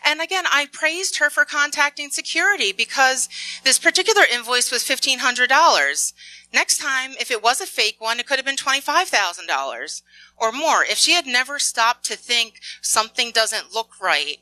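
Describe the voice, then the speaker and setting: A woman's voice: high-pitched, normal speed, no echo, poor audio. A woman working in information security, giving a storytelling talk full of acted-out dialogue and light laughs. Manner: lively anecdotal storytelling, acts out dialogue.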